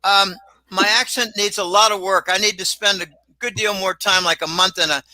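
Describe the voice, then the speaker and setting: Older man, high bright voice, dry close sound; casual rambling storyteller. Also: fairly even intonation, normal speed, dry recording, low-quality recording. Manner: rambling storyteller, repeats words. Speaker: regular guest commentator. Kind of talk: casual chat on a livestream.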